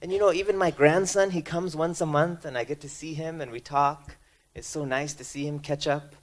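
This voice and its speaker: A man voicing a cheerful, grateful older male patient who chats brightly about his hospital stay. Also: steady tone, moderate pace, lightly acted. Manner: upbeat, chatty, raised pitch.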